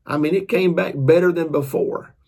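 A man's voice: on the high side, steady tone, normal speed, vocal fry, a little mellow, slightly rough. A man, a preacher and author, telling a story in a folksy, earnest, casual way. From Georgia, US.

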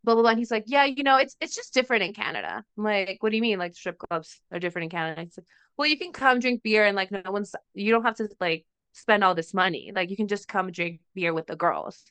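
A young woman on a podcast tells a story in casual chat, stringing it along with lots of "like" and acting out every quote. Her voice is bright and smooth, sitting a little high. The recording is dry and close. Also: quick pace, no room sound. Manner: animated storytelling, acts out quotes, frequent "like". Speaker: podcast co-host.

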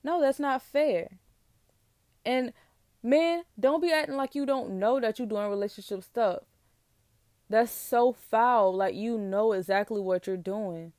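A young woman, ranting about relationships in a sassy, emphatic, animated way. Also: on the high side, a little slow, long pauses, no room sound, studio quality. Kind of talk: casual relationship rant to camera.

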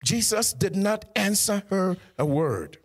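A man with a fairly high voice preaches a lively sermon. He slips into short acted-out dialogue and then climbs to loud, emphatic urging of his listeners. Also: measured pace. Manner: rises to loud emphatic exhortation. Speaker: pastor.

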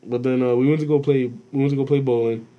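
A man's voice: mid-range voice, steady tone, fast, dull audio. A young man casually telling a rowdy story to friends, full of laughter and swearing. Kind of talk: casual chat.

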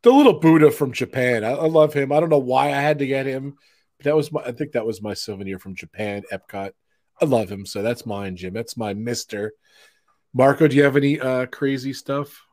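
A man's voice: medium pitch, fairly quick, darkish tone, no echo, studio quality. A man hosting a casual live-streamed chat, playful and laughing often. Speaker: host.

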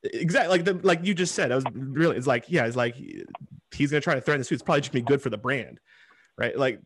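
A man hosting a casual interview, talking in an animated, opinionated way. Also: mid-range voice, quick pace, slight background noise. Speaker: host.

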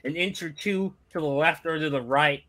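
A man doing a gruff veteran wrestler. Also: on the high side, moderate pace, bright, forceful tone. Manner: gruff speech-style delivery, compared to Shrek. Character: impression of a retiring veteran wrestler in a wheelchair.

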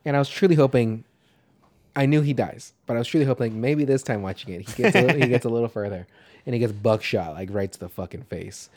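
A man's voice: mid-range voice, fast talker, darkish tone. A man co-hosting a casual movie podcast, rambling and swearing freely as he talks. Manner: rambling, swears, trails off and restarts. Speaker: podcast co-host.

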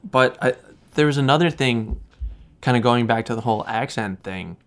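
A man's voice: mid-range voice, moderate pace. A man with a Midwestern American accent, co-hosting a podcast in casual chat, loose and rambling and swearing freely. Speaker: podcast co-host.

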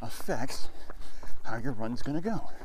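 A man's voice: medium pitch, expressive, a little slow, background noise. A man in his fifties hosting a running podcast, rambling casually with jokes and asides while his heart rate is up from exercise. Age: 50s. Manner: rambling, joking, conversational asides. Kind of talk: casual monologue.

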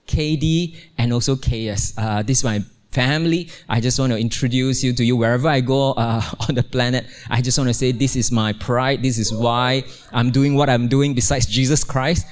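A middle-aged man preaching a sermon in a church, telling a family story with playful humor and lively exclamations. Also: normal speed, few pauses. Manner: animated storytelling, playful, exclaims with rising pitch. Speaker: pastor. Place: church, also streamed online.

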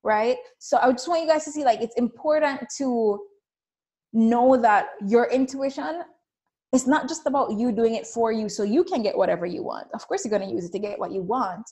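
A woman's voice: a little high, moderate pace. A woman giving a casual motivational talk on intuition and business, telling stories and acting out the people she quotes. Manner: animated storytelling, acts out quoted voices. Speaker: spiritual business coach.

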